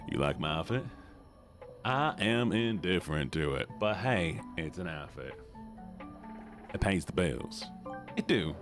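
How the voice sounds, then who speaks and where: A man streaming a game and chatting casually with his audience, goofy and playful, slipping into a put-on southern drawl and deep joke voices. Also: lively intonation, a little slow, pauses often, over music. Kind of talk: casual chat with a live stream audience while gaming.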